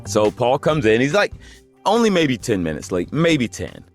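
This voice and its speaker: A man, a voice actor, telling a casual anecdote in a lively way and acting out the people he quotes. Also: mid-range voice, moderate pace, soft background music. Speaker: voice actor guest.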